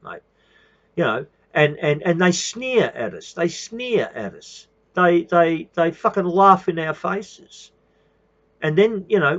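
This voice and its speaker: Profane, fired-up Australian man. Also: fairly high pitch. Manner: profane, repetitive, calls listeners "mate". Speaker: activist speaking to followers. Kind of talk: impassioned rant. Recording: dull lo-fi recording.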